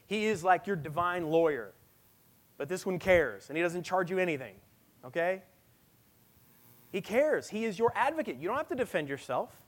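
A man in his thirties, a pastor giving a conversational, emphatic sermon with personal stories. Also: high voice.

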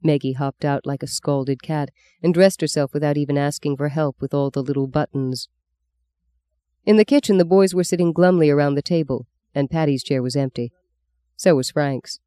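An audiobook narrator reading a literary novel in an even, expressive storytelling manner. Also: medium pitch, normal speed, smooth, no echo.

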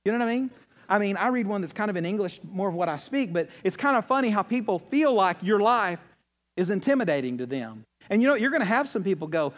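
A man preaching a sermon in a folksy, conversational way, acting out quoted voices and swinging from loud high bursts to low hushed lines. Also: lively intonation, fast talker. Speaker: pastor.

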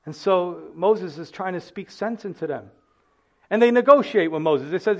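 Earnest preaching man, slightly high voice. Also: normal speed, darkish tone. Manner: earnest preaching, acting out dialogue in quotes. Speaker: pastor. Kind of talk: sermon.

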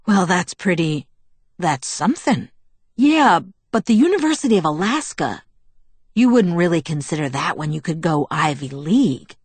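A woman reading the part of a sullen, gruff middle-aged father in an audiobook, with curt, grumbling lines. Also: fairly low pitch, sing-song, moderate pace, dry recording.

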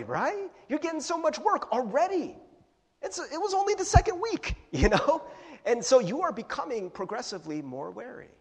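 A young adult man preaches a sermon as pastor in a high, slightly rough voice, casual and joking. He's animated and acts out little voices, and the recording carries a long hall reverb.

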